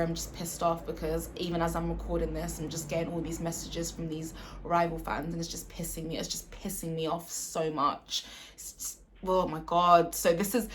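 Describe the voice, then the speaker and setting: A fairly low-pitched woman delivers an unscripted reaction rant after a match. She sounds upset and close to tears, hesitating with ums and repeating herself as her frustration builds and spills over. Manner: frustrated, emotional ranting with frequent ums and repeated phrases. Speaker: football fan reacting to a match.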